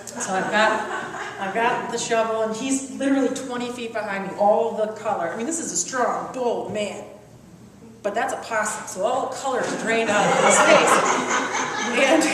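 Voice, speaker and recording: A woman telling a lively, self-mocking comic story to a live audience. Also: mid-range voice, a little hiss or hum. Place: large hall at a live evening event. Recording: echoey hall from far off.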